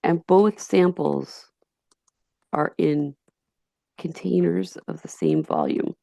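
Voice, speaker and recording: A low, gravelly woman's voice with a Yonkers accent talks through a chemistry lecture, close and dry with no room sound. She is chatty and digressive, stopping to restart her sentences as she goes. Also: sing-song, takes it slowly, dark tone, no room sound. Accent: Yonkers, New York. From Yonkers, New York. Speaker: high school chemistry teacher. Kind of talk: recorded slideshow lecture.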